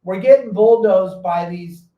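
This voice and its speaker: A brash, high-energy man, voice pitched a touch high. He talks loud and blunt, telling fishing show stories with a lot of punch. The mic sits at a distance in an echoey room. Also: unhurried, phone-quality sound. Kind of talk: casual podcast chat.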